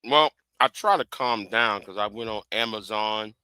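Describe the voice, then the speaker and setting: Man, livestream host, casual chat, very bright tone, halting speech. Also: on the low side, clean tone, no echo. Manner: halting, repeats words often.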